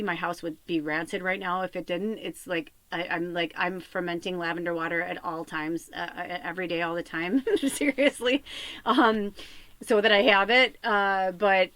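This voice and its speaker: Woman podcast host, low-ish voice, dry sound, rambling casual chat. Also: moderate pace, no echo. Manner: rambling, repeats "I'm like", animated retelling. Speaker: podcast host and spiritual medium.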